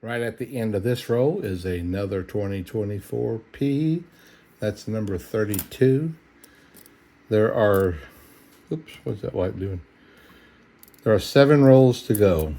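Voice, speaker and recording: Tired, easygoing man with a low voice. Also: unhurried, long pauses, warm tone. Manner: easygoing folksy chatter, chuckling. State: tired and yawning. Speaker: coin roll hunter. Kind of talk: casual narration while searching coins.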